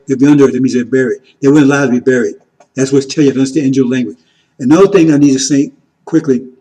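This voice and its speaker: Man, religious teacher, informal sermon, mellow tone, slightly high voice, keeps checking in with listeners. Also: rough recording. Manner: repetitive, keeps asking "See?" and "right?"; swings from loud emphatic rises to quiet asides.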